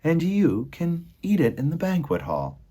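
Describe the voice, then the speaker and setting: A man voicing a kind young princess who speaks softly and gently, in a storybook reading. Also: on the high side, huge pitch swings, a little slow, husky, pitched above the performer's own voice, heavily acted. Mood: earnest.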